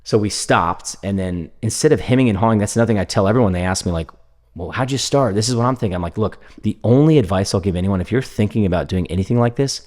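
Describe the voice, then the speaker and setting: A middle-aged man hosting a podcast, telling stories in a casual, animated way and laughing often. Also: on the low side, quick pace. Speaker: podcast host. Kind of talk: casual conversational interview. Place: podcast studio in an office.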